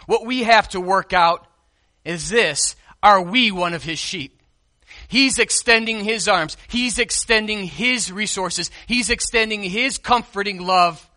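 A man preaching a conversational sermon as pastor, stressing key words and moving between loud and soft. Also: sits high, a little slow. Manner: conversational preaching with call-and-response.

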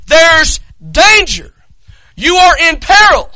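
A man voicing a pleading male shepherd who shouts urgent warnings to his flock. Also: extremely high pitch, sing-song, slow, voice pushed up, exaggerated voice, low-quality recording.

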